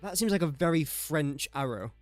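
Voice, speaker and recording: Young English male streamer, fairly high voice, chatty and self-deprecating, soft music under him. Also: expressive, moderate pace, no echo. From England. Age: young adult. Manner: chatty, self-mocking, mutters while guessing. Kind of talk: casual live-stream commentary.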